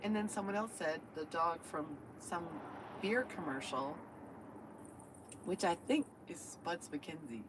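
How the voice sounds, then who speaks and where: Chatty woman, live-stream vlogger in a van, slightly low voice, steady vehicle hum behind. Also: measured pace. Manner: chatty, talks to viewers and her dog. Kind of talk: casual live-stream chat. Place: inside her van.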